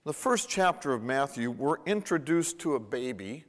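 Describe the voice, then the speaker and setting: A man preaching a sermon as pastor, animated and emphatic, his intensity rising and falling, with frequent restarts and repetitions. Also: medium pitch, normal speed. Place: church. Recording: long reverb of a church hall.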